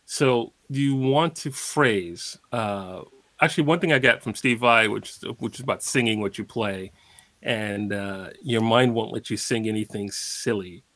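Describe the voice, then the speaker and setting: A man's voice: lowish voice, a little slow, a bit bright. A man guest in a casual interview, explaining at an easy pace with plenty of fillers and spoken examples. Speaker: guitarist guest.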